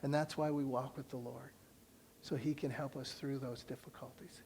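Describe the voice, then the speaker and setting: A male pastor preaching in a church, telling a personal story with lively acted-out dialogue and soft, hushed asides. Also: mid-range voice, normal speed, slight background noise. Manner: animated storyteller who acts out dialogue and drops to a soft near-whisper. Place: church sanctuary.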